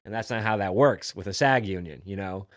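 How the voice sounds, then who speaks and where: A man's voice: fairly low pitch, fairly quick, no room sound, clean studio sound. Enthusiastic man chatting about films. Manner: rambling, enthusiastic, swearing. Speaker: podcast co-host. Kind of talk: casual film discussion.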